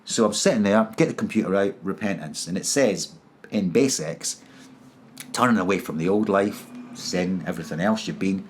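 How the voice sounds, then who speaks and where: A man's voice: deep voice, normal speed, a little hiss or hum. A man telling his personal story in an interview, earnest and emotional, often stopping to repeat and restart his words. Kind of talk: personal testimony.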